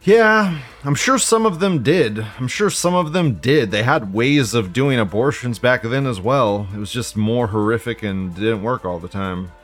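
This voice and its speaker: A man's voice: mid-range voice, lively intonation, unhurried, hardly any pauses, soft background music. A man hosting a live stream, ranting casually in a profane, sardonic way and laughing often. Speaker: live-stream host reading viewer comments.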